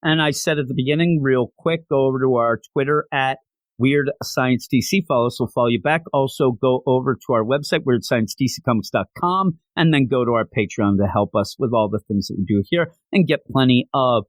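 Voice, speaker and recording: A man's voice: mid-range voice, fairly quick, dry recording. A man hosting a podcast, recapping a comic book in an enthusiastic, rambling way. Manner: enthusiastic, rambling, with many fillers. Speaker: podcast host.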